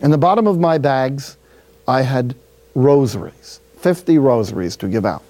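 A friar from City, preaching a sermon through a lively personal story with acted-out dialogue. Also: male voice, medium pitch, normal speed. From Jersey City, New Jersey.

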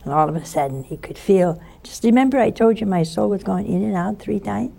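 A woman delivers a spoken sermon in a mellow, gravelly voice. She tells her story vividly and acts out the voices of the people she quotes. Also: mid-range voice, fairly quick.

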